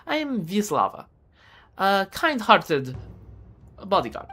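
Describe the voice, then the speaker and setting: A woman's voice: sits low, moderate pace, a bit bright. A woman voicing a confident, flirty female bodyguard with a teasing manner, reading game dialogue aloud. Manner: teasing, playful.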